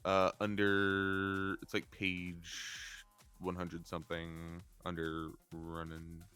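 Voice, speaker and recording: Low-voiced man thinking aloud over rules. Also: monotone, slow pace, sharp tone, smooth, soft background music. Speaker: player. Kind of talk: tabletop game chat.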